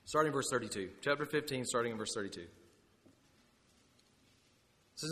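A man's voice: mid-range voice, fairly quick, long pauses, sharp tone. A man preaching a sermon in a conversational storytelling way, with chatty asides. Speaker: pastor. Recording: long hall reverb.

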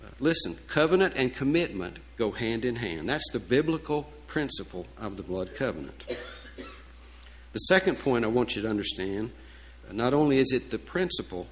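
A man's voice: medium pitch, animated, normal speed, low-quality recording. A man preaching a sermon in a folksy, emphatic way, with asides and fillers. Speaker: pastor.

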